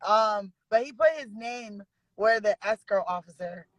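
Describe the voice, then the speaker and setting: A woman's voice: medium pitch, unhurried, dry recording, highs cut off. A woman from Sacramento, California, chatting as a student on a video call, retelling her story with quoted dialogue and giggles. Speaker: caller and student signing agent. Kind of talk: casual chat on a video call.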